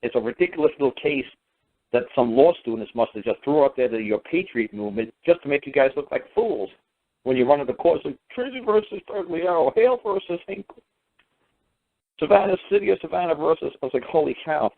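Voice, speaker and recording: A man's voice: fairly high pitch, expressive, vocal fry, no echo. A man hosting a radio show, ranting bluntly about a run-in with officials and acting out both sides of the argument. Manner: blunt, fast-talking, mimics officials in quoted exchanges; swears casually and scoffs. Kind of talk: ranting monologue with acted-out dialogue. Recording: dry phone-line radio audio.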